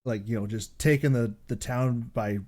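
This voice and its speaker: A man co-hosting a casual podcast, rambling and animated, laughing often between his sentences. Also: mid-range voice, normal speed. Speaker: podcast co-host.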